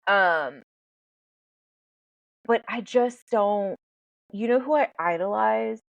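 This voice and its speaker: A woman podcast host and life coach speaks frankly and swears freely, telling her stories with lively energy. Her voice sits at a middle pitch. The recording sounds a little dull and lo-fi, dry and close to the mic. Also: takes it slowly, gravelly, no echo. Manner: blunt, profane, animated storytelling. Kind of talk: candid podcast conversation.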